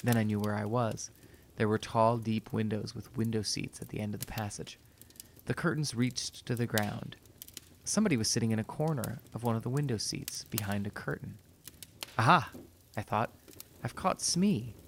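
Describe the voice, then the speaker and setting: Man reading a spooky story, measured. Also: on the low side, fairly even intonation, slight background noise. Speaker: narrator. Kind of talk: scripted story narration.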